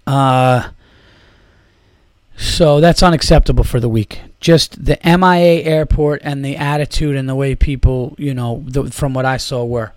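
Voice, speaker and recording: A man's voice: medium pitch, steady tone, measured pace, a little mellow, dry recording, clean studio sound. A man hosting his own comedy podcast, ranting and swearing heavily with lots of fillers. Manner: rambling, heavy swearing, fillers. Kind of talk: profane solo podcast rant.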